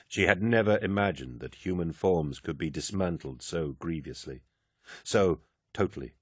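A man narrating an audiobook in a measured, low-key storytelling manner. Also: expressive, breathy edge, dry recording, clean studio sound. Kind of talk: scripted narration.

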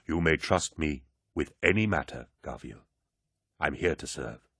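A man voicing an older male scholar and advisor, calm and rational, in a reassuring, reasoning manner as an audiobook character voice. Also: extremely low pitch, a little slow, gravelly, no echo, clean studio sound, exaggerated voice.

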